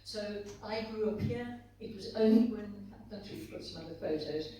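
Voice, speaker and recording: A woman's voice: mid-range voice, moderate pace, mellow, distant mic. An older woman from South Africa, an author and guest speaker, talking reflectively and telling stories in a conference conversation. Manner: reflective, storytelling, talks through pictures shown to the audience. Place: conference hall. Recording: very echoey hall, voice from off-mic.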